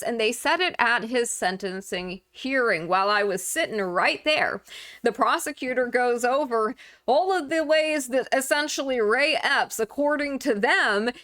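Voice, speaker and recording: A woman delivers pointed commentary on clips she plays. Her voice sits a little high, and she presses hard on key words. She pauses often on fillers as she builds her case. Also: fairly bright tone. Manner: indignant, emphatic, with filler pauses. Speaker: independent video commentator. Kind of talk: casual commentary over clips.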